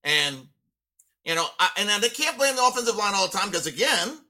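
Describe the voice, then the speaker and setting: A man's voice: high-pitched, sing-song, fairly quick, bright, forceful tone. A man giving a fired-up, blunt rant on a casual sports podcast, leaning on "you know" a lot. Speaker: co-host giving a weekly rant.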